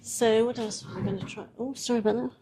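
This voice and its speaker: A woman's voice: on the high side, steady tone, fast, mellow, slight background noise. A woman presenting a live workshop, talking a volunteer through a hands-on demonstration in a chatty way with frequent laughs.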